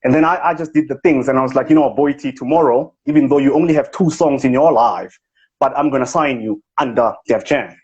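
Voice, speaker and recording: Lightly acting, a man with a darkish, slightly rough mid-range voice speaks fairly quickly as he impersonates a smug, self-important motivational speaker with a fake posh accent. The grandiose bragging is a comic bit in a live chat, captured in dull lo-fi livestream audio.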